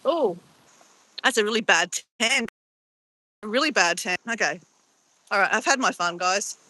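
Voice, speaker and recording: A woman's voice: mid-range voice, animated, normal speed, bright, forceful tone, poor audio. A middle-aged woman chatting casually on a live stream from a phone held at arm's length, playful and giggly as she exclaims over camera filters. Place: outdoors near a beach.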